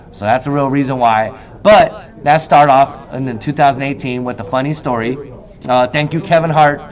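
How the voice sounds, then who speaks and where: A man in his thirties hosting a casual talk show monologue, telling stories with lively acted-out quotes. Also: muffled recording. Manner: animated storyteller, acts out quoted lines in a higher voice. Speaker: host. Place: in Korea.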